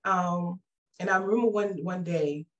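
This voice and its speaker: A woman telling her church testimony in a casual, animated way, acting out quoted voices. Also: measured pace, highs cut off. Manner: animated, acts out quoted voices with big pitch jumps; casual speech with frequent restarts. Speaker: guest giving a church testimony. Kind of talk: personal testimony, conversational storytelling.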